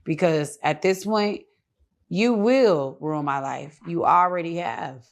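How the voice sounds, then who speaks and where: Woman, deep voice, blunt, heated, profane, casual interview guest. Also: slow, vocal fry. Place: couch in an interview studio.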